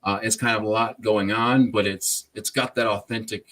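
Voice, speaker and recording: A man's voice: fairly low pitch, steady tone, normal speed, fairly bright tone, slight background noise. A man from the United States hosting a casual livestream chat about books, laid-back, laughing often and swearing freely. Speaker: podcast host.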